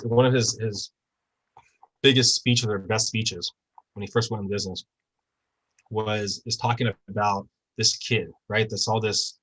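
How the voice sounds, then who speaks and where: A man's voice: lowish voice, a bit bright, slightly rough, poor audio. A man giving a casual real estate training talk over a video call, often checking in with tag questions.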